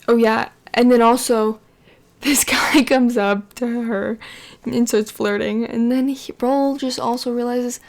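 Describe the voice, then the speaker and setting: A woman narrating her life-sim game in a loose, rambling way, full of fillers and chatty asides. Her voice sits fairly high. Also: steady tone, measured pace, gravelly. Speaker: gameplay commentator. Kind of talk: casual game commentary.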